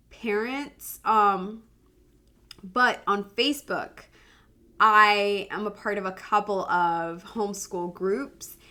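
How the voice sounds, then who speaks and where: A woman's voice: medium pitch, bright, forceful tone. A woman in her thirties hosting a podcast, talking in an earnest, chatty way with frequent ums and restarts. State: emotional, voice softening. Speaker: podcast host. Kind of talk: casual heartfelt podcast talk.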